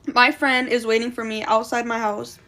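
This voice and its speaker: Casting note: woman with a higher-pitched voice, casual storytime vlogger, blunt and slangy, swears a lot. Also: level tone, moderate pace, bright, forceful tone. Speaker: storytime creator.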